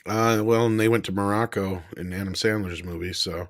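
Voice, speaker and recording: Male co-host, lowish voice, jokey, chuckles between lines, relaxed live-stream banter. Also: a little fast. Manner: joking, chuckles between remarks. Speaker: co-host of an online entertainment news show. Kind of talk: casual live-stream chat.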